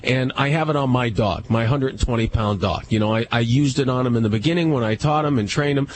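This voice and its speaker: A man co-hosting a radio show, telling stories casually and acting out other people's lines in a higher voice. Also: fast talker, a little hiss or hum, low-quality recording. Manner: animated, acts out dialogue in higher voices. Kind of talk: casual storytelling on air.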